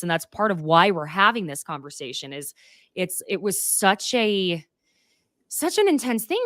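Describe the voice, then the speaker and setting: A woman's voice: on the high side, fairly bright tone, dry recording, studio quality. A woman hosting a casual podcast, talking frankly and animatedly and acting out quotes. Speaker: podcast host.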